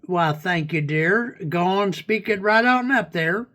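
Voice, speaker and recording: A man's voice: sits high, animated, a little slow, pushed and bright, heavily acted. A man voicing a folksy, flirty hillbilly who makes up words, with a put-on Southern hillbilly accent, bantering on a livestream. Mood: folksy teasing. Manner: drawling, rambling, coins fake words.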